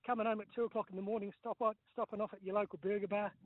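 A man's voice: high voice, level tone, very fast, no room sound. A man with a New Zealand accent calling in to a sports radio show from a golf course, chatty and blokey. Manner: chatty, blokey, says mate a lot. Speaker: caller. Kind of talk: casual phone-in chat. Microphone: mobile phone. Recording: tinny phone line.

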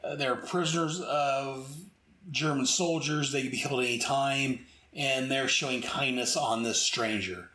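A man chats through a comic book review in a loose, rambling way, often restarting his sentences. His voice sits at an ordinary middle pitch. The room adds a noticeable echo. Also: fairly even intonation, measured pace, pushed and bright. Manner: rambling, with many restarts and asides. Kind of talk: casual commentary. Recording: echoey room.

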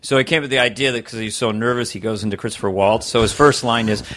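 A man's voice: medium pitch, quick pace. A male comedian as an interview guest, chatting casually and swearing. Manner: animated, swearing, slips into impressions.

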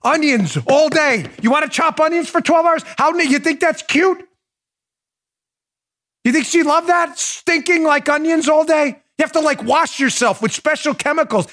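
A middle-aged male political host in a full-throated rant, his voice pushed very high and swinging wildly in pitch. He's blunt and profane and hammers the same short commands over and over. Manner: shouting, repetitive, blunt and profane. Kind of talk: ranting political commentary.

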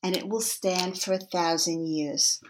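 A woman voicing a radiant medieval stonecutter who speaks softly and reverently in a parable. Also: fairly low pitch, fairly even intonation, a little slow, close to an everyday voice.

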